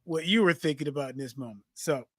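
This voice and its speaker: A man, co-hosting a podcast and telling lively stories that he acts out in casual chat. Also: a little high, fast, no echo, studio quality. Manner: animated storyteller, acts out quotes. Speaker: podcast co-host.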